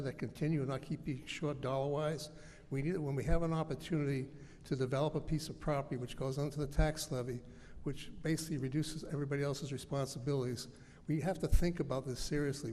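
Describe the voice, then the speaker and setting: A man's voice: medium pitch, a little mellow. Man, selectman, persuasive floor speech, long hall reverb, faint background hum. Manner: earnest, persuasive argument. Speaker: town selectman. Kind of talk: public meeting floor speech. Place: large town meeting hall. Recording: echoey hall, faint room noise.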